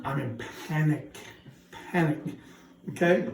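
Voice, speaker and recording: A man giving a son-in-law's speech, telling a comic story in an animated way and laughing as he goes. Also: fairly high pitch, slow. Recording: echoey hall from far off with crowd.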